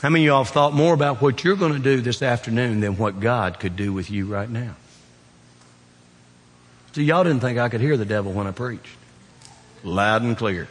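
A man with a Southern Kentucky drawl preaching a sermon in a church, folksy and joking, swinging from loud emphatic peaks down to quiet, low appeals. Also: moderate pace, pauses often. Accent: Southern US, South Central Kentucky. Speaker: pastor. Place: church sanctuary. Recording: long hall reverb.

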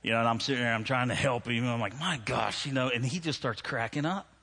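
A man's voice: mid-range voice, quick pace, sharp tone, husky. A man pastor, preaching a sermon in a conversational, self-deprecating way that rises into emphatic preaching. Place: church hall. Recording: long hall reverb.

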